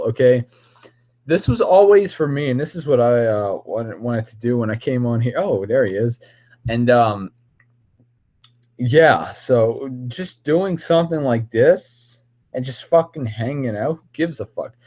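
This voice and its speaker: A man's voice: medium pitch, animated, unhurried, darkish tone, lo-fi sound. A man on a casual livestream, rambling and ranting with constant profanity at his viewers. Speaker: streamer.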